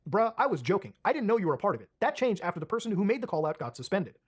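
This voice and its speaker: Rapid, lively documentary narrator. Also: mid-range voice, slightly rough.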